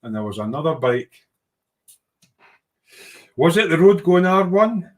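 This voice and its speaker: A man's voice: a little high, very animated, a little slow. Rambling self-deprecating man hosting a livestream. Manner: rambling and self-deprecating, hums while clicking around; informal British slang and mild swearing. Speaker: livestream host and hobby model maker. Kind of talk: casual livestream chat reading out viewer comments.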